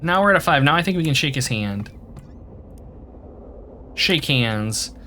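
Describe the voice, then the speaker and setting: A man's voice: on the high side, lively intonation, a little slow, pushed and bright, a little hiss or hum. A man streaming a video game, reading the game text aloud and reacting playfully.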